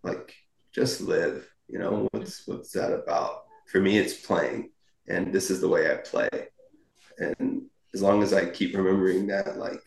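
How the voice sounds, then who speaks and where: A young adult man, a guest on a podcast, talking in a relaxed, reflective and playful way. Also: sits low, a little slow, creaky. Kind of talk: casual podcast conversation. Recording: echoey room.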